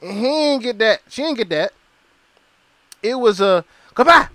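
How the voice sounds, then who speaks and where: A male podcast host runs through celebrity gossip in a loose, swearing, storytelling way. His high voice leaps up and down as he talks. The sound is dry and close, with no echo. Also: unhurried. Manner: animated, profane, storytelling, acts out quotes. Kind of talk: casual podcast commentary.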